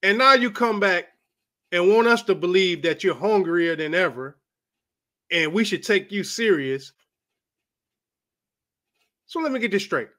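A man's voice: high voice, lively intonation, measured pace, pauses often, pushed and bright. A man hosting a boxing commentary vlog, talking bluntly and profanely in a heated rant.

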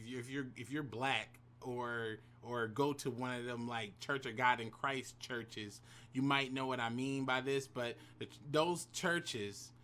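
A man's voice: medium pitch, fairly bright tone. A man telling a personal story to camera in a casual vlog, slangy and profane, with hype-man asides to the viewers. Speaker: YouTube storyteller.

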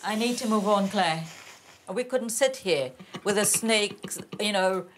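A woman's voice: medium pitch, a little slow. A woman as a dinner guest in casual chat, blunt and disgusted.

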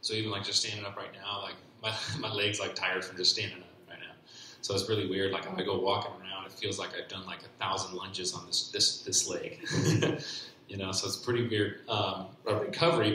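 Guy giving his testimony at church, kinda low voice but sharp and bright, stops and restarts a lot, super echoey hall. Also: a little hiss or hum. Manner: halting, many restarts and repeated "you know". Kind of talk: personal faith testimony.

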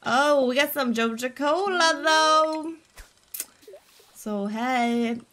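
A woman's voice: high voice, very slow, heavy background noise. A young woman live-streaming a game, chatting playfully with her viewers and reacting to the game with gasps and giggles. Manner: playful and chatty, talking to chat, bursting into gasps and silly sounds. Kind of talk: casual live-stream chat while gaming.

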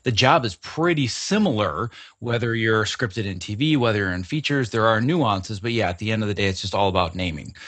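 A man's voice: fairly low pitch, animated, fairly bright tone, no echo. A man hosting a podcast interview, reacting keenly and asking his guest questions. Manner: quick, enthusiastic interviewer. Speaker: podcast host.

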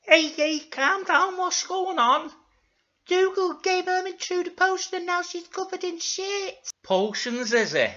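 Shrill angry magic spring creature, as a man puts him on, very high, swearing, muffled lo-fi. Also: lively intonation, unhurried, pushed and bright, heavily acted. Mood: scolding.

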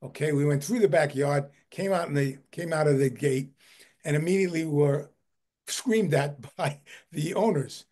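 Husky man, slightly high voice, animated storyteller on a video call. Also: moderate pace. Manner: animated, repeats words while telling a story. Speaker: historical society head giving a book talk. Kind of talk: anecdotal storytelling talk.

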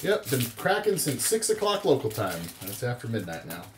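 Chatty, animated man hosting a live stream. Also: mid-range voice, normal speed, a little hiss or hum. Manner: chatty, rambling storyteller. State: tired after a long day. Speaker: host of live card breaks. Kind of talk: casual live-stream commentary.

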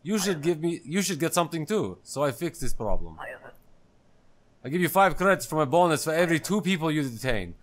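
A man's voice: a little high, very animated, slow, few pauses, breathy edge, pitched above the performer's own voice, heavily acted. Give me a complaining border guard from a video game, talking in broken English, as a man puts him on. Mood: grumbling. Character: grumbling underpaid male border guard.

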